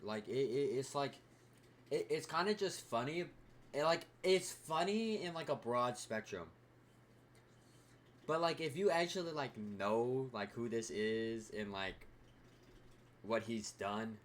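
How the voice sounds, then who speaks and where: A man's voice: mid-range voice, a little hiss or hum. Rambling young man reacting, swears a lot. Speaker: reaction video host. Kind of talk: casual reaction commentary.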